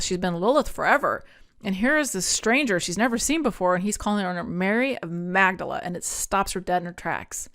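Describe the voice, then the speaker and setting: Casting: woman podcast host, smooth clear voice, earnest and emotional, chatty recap. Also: medium pitch, a bit bright. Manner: earnest and chatty, often laughing; emotional, near tears. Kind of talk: casual episode recap.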